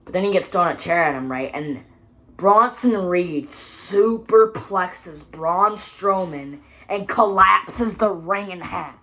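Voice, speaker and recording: A woman reviewing a wrestling show in a casual video, with a rambling, excitable recap full of "you know" and "like". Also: fairly low pitch, slow pace.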